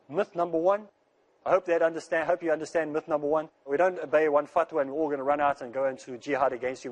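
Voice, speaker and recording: A man with a fairly high voice delivers a religious lecture at a rushing pace. He is earnest and reassuring, and stacks repeated phrases to drive each point home. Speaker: Islamic speaker.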